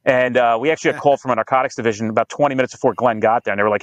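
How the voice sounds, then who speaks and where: Guy talking fast and cussing a lot, swaps voices for people in his stories, dry close mic. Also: medium pitch, no echo, muffled recording. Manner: profane, animated storytelling with quoted dialogue. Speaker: police training company founder, guest. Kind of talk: casual podcast interview.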